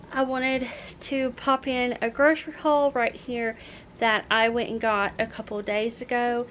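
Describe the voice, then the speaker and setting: A woman chatting casually to her viewers from inside her home, relaxed, with ums and light laughs. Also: fairly high pitch, a little hiss or hum. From North Carolina, US. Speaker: homemaking vlogger.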